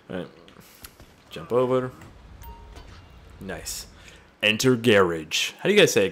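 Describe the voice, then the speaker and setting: A man's voice: lowish voice, animated, measured pace, long pauses, a bit bright, faint music behind. A young man hosting a gaming video with crude, joking, rambling commentary.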